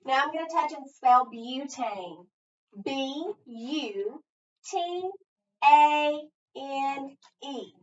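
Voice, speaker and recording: A woman's voice: high voice, expressive, extremely slow. A woman teacher leading a phonics spelling lesson, patiently sounding out letters one at a time and walking through each step. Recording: echoey room, far from mic, dull lo-fi.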